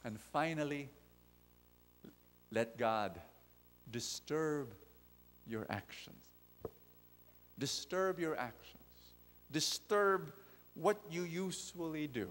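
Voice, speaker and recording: A male preacher delivering a lively sermon, firing repeated questions straight at the crowd. His voice sits fairly high for a man. It rings out with the long reverb of a large hall. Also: slow pace, pauses often. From Philippines. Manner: animated, repetitive, direct questions to the audience.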